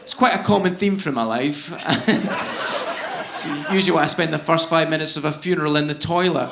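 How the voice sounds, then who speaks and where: A Scottish man doing stand-up comedy, telling self-deprecating stories with animated delivery. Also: fairly high pitch, moderate pace, gravelly, background noise. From Scotland.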